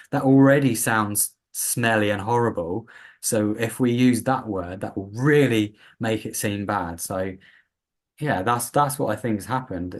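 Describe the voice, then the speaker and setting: A British man with a lowish voice speaks as a podcast guest. He talks in a casual, animated way and slips into quoted voices as he makes his point. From United Kingdom. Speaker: patient advocate guest. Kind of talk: casual interview talk.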